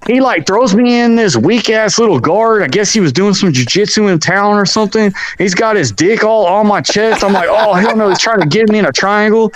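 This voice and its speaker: A man's voice: sits high, fairly quick, few pauses. A man in his forties, a podcast guest telling a rowdy story in a casual, profane way and calling the listener "bro" again and again. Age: 40s. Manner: animated, profane, keeps saying "bro".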